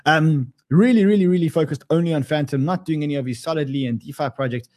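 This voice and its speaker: A man's voice: on the high side, quick pace, darkish tone. A man with an Australian accent hosting a casual livestream, joking and rambling with many restarts. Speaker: livestream host.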